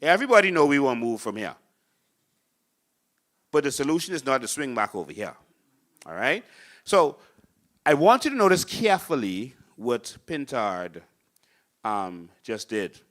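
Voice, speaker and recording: Man, Bahamian accent, political talk host, impassioned and preachy, bright forceful voice, studio audience. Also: medium pitch, very animated, measured pace, long pauses. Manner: impassioned, preachy, acts out voters in mocking voices. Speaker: political host and party leader. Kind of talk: fiery political talk show monologue.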